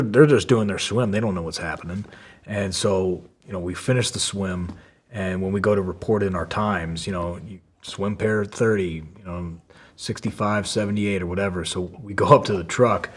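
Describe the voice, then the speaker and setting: A man's voice: low-pitched, moderate pace, husky. A man, a podcast guest, tells a story in loose, casual talk full of fillers and swearing. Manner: loose, profane, many fillers.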